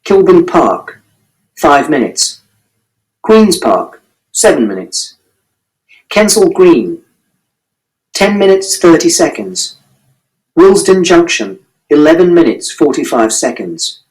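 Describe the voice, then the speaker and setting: A man reads a story aloud with careful, literal precision. His fairly high voice moves widely in pitch and keeps an even rhythm as he narrates. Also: slow pace, long pauses, low-quality recording. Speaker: reader. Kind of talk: audiobook reading.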